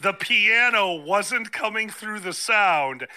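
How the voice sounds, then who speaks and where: A man with a high, very bright and forceful voice co-hosts a casual podcast. He fires off quick, wry jokes and banter. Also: lively intonation. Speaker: podcast co-host. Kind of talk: casual chat.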